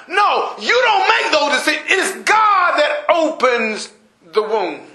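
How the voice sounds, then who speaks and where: A man preaching a sermon, shouting emphatic lines and acting out everyday people in a lowered voice. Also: big pitch swings, measured pace. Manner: impassioned, shouting emphatic preaching with rising bursts. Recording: roomy echo.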